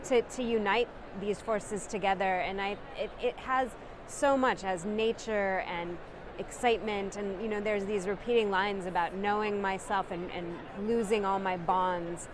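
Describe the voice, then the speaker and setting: A woman speaking softly and thoughtfully in casual talk, with fillers. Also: medium pitch, steady tone, a little slow, noisy background. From United States.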